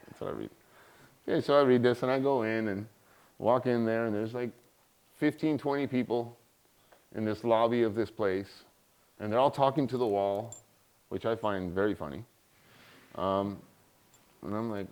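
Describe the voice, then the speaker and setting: A man's voice: lowish voice, moderate pace, pauses often. A middle-aged man giving a guest lecture, telling an anecdote and acting out the people he quotes. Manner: animated, acts out quoted voices. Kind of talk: storytelling in a lecture.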